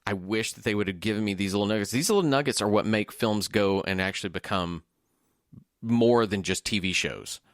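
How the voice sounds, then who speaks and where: A man's voice: on the low side, fairly quick, no echo, studio quality. A man co-hosting a casual movie podcast over a video call, thoughtful and often searching for words. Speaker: podcast co-host. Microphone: home mic on a video call.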